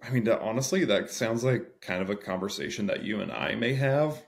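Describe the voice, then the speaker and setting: A man's voice: on the low side, a little fast, vocal fry. A man co-hosting a podcast, joking with dry, crude banter. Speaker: podcast co-host. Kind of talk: casual chat.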